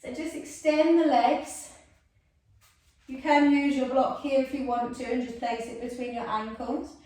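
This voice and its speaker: A woman's voice: high-pitched, steady tone, measured pace, a little mellow. A woman guiding a yoga class, soothing and chatty, with self-mocking asides. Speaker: yoga instructor. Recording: echoey room, mic far off.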